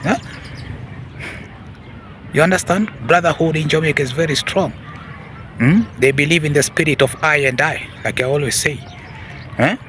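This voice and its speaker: A man hosting a casual commentary talk, repeating himself and often calling out "ladies and gentlemen" with questioning hmms and huhs. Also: on the high side, slight background noise. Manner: repetitive, addresses audience as ladies and gentlemen; peppers talk with hmm and huh. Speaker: commentary channel host.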